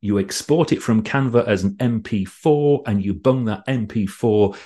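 A man giving an online conference talk on presentations, lively and conversational, with a fairly low voice. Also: normal speed, slightly rough. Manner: lively, animated, loose and conversational. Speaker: presentation coach.

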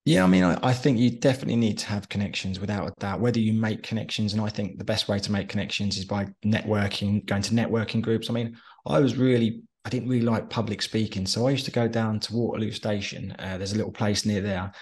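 Brit guy rattling off stories quick, lowish voice, chatty interview over the phone. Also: steady tone, darkish tone. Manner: chatty storyteller, drops into quick impressions of others. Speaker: interview guest, former soldier turned entrepreneur. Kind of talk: casual interview chat. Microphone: phone call.

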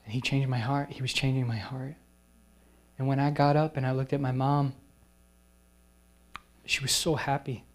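A man preaching as a guest speaker at a retreat, telling a personal testimony and slowing down for soft, emphatic phrases. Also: mid-range voice, level tone. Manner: acts out quoted people in whispers and raised voices. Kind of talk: sermon storytelling at a retreat.

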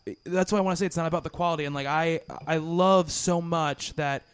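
A man's voice: fairly high pitch, fairly even intonation, a little fast, smooth. A man hosting a podcast in casual chat, rambling with many restarts and fillers. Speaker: podcast host.

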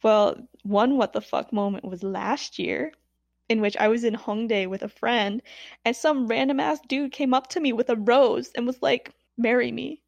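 A woman co-hosting a casual podcast chat, relaxed and wry, swearing casually. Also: on the high side, moderate pace, gravelly, no echo. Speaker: podcast co-host.

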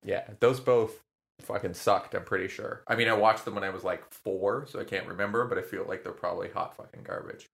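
A man's voice: on the low side, fairly even intonation, a little fast, gravelly, a bit bright. A young adult man in a casual comedic chat, rambling, swearing and laughing often.

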